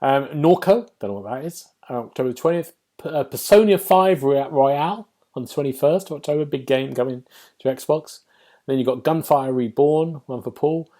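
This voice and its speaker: Chatty British podcast host. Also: male voice, medium pitch, moderate pace, warm tone. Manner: chatty, reads release dates with fillers. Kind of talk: casual podcast chat.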